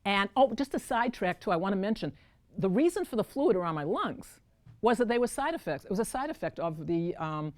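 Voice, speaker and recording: Animated woman telling a stage story. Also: fairly low pitch. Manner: animated, addresses audience as folks. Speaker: solo stage performer. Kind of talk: one-woman storytelling show.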